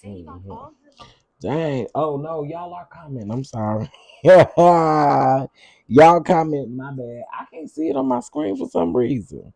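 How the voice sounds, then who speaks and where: A man's voice: medium pitch, huge pitch swings, measured pace, vocal fry, dark tone. A man hosting a cooking channel, chatting casually with his livestream viewers, greeting them by name and repeating himself often.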